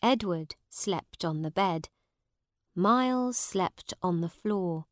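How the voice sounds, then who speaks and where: A woman reading a simple story aloud in a clear, measured way. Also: fairly low pitch, no room sound, studio quality. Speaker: reader. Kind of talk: slow storybook narration for learners.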